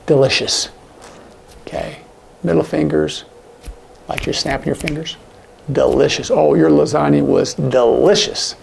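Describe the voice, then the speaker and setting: A man teaching sign language in a casual, animated way, acting out example lines with big jumps in his voice. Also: fairly high pitch, unhurried, vocal fry, pauses often, slight background noise. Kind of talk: casual instructional talk.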